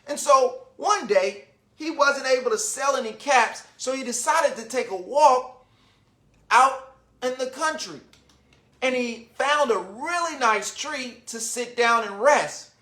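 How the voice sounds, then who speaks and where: A man reading a children's storybook aloud online, with animated, chatty asides to young listeners. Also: extremely high pitch, takes it slowly. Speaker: children's book reader, literacy founder. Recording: roomy echo.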